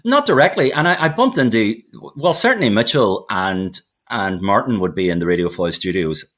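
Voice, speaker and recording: A man's voice: on the low side, animated, moderate pace, a bit bright. A man, a podcast guest telling stories of his radio voice work in a reflective, meandering way. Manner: reflective storyteller, frequent restarts and asides. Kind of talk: casual chat.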